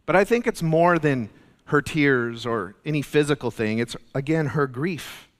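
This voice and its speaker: A male pastor giving an earnest, conversational sermon, going soft and low when quoting figures, recorded in a church. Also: lively intonation, unhurried. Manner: earnest, conversational preaching, drops soft and low for quoted lines. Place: church sanctuary. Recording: long reverb of a church hall.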